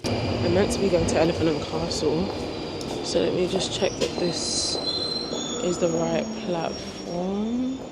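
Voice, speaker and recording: A young woman, chatting casually to camera as she walks around the city, bubbly and quick to laugh. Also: fairly low pitch. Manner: chatty and bubbly, laughs often, talks to camera while out walking. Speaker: vlogger. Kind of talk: casual vlog chat. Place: outdoors and in a train station. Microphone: small clip-on mic. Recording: noisy street and station background.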